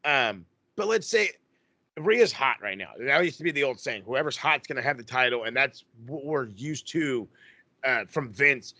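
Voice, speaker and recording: A man co-hosting a wrestling podcast, talking in a rambling, profane, excitable way. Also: medium pitch, moderate pace, no room sound. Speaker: podcast co-host. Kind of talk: casual chat.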